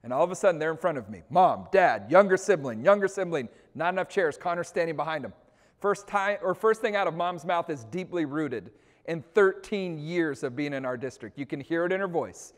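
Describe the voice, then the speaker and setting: A middle-aged man with a fairly high voice, telling a story to a room of teachers and acting out the scenes. The sound is a big school hall with a long reverb behind each sentence. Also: fairly quick. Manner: animated storyteller, acts out scenes. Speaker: staff trainer.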